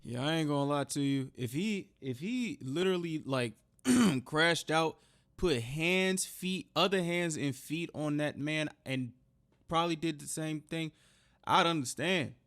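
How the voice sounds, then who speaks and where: Man, reaction host, a bit high-pitched, casual, profane commentary. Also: a little slow, fairly bright tone. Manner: blunt, swears, slangy interjections.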